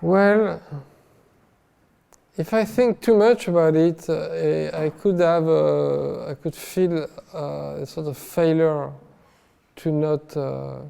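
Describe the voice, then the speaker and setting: A man with a French accent answering interview questions haltingly, full of fillers and restarts, in a reverberant hall. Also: a little high, steady tone, creaky, dark tone, smooth. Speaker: film director, guest.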